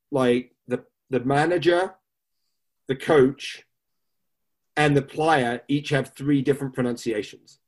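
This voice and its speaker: An easygoing man co-hosting a rugby podcast, chiming in with short prompts and his own stories of broadcasting. His voice sits in a middle pitch. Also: darkish tone. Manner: easygoing, prompting with quick interjections. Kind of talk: casual podcast chat.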